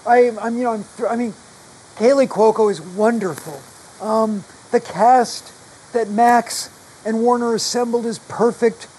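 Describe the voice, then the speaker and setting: A man's voice: very high-pitched, fairly even intonation, unhurried, a little mellow, slightly rough, rough recording. A man whose voice is damaged by long covid, telling stories as a guest author in a chatty, self-deprecating way. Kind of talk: casual storytelling in a live conversation.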